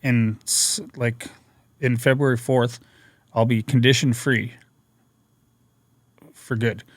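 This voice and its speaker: Guy on a podcast telling his story, lively and earnest, mid voice, dry close sound. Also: mid-range voice, takes it slowly, dry recording. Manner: energetic, earnest storyteller who acts out quotes. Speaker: podcast guest. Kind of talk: personal storytelling interview.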